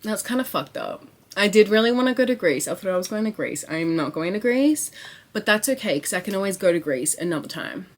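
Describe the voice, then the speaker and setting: A young woman chatting to camera in a casual vlog, excitable and rambling, with lots of swearing and filler words. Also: mid-range voice, brisk. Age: young adult. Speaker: vlogger.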